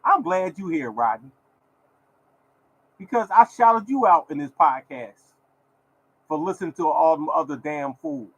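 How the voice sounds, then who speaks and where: Man, podcast host, slightly high voice, preachy, repetitive, scolding. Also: animated, a little slow, pauses often, husky, lo-fi sound. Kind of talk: casual podcast rant.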